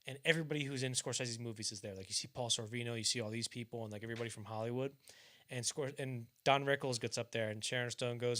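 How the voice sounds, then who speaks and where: A young man hosting a podcast, casually telling anecdotes and acting out quoted lines with bursts of energy. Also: quick pace. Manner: animated storyteller, acts out quoted lines loudly and higher; casual and profane, frequent restarts. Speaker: podcast host.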